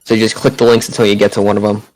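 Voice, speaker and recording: A man's voice: lowish voice, level tone, very fast, darkish tone, no echo, low-quality recording. A man co-hosting a casual podcast, stammering a little and laid-back with jokes. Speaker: podcast co-host.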